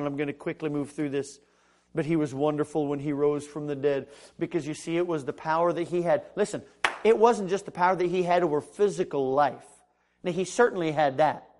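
A man with a high voice preaching a sermon, rising to loud proclamations and dropping to near-quiet speech. He slips into the voices of the people in his stories as he preaches. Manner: acts out dialogue in the story. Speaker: pastor.

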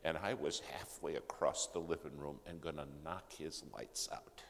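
An older preacher with a very deep voice tells a story from the pulpit, swinging from loud, dramatic lines to hushed ones. His voice rings through a large hall with a long reverb over a faint ambient hum. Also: steady tone, normal speed, gravelly. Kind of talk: sermon storytelling.

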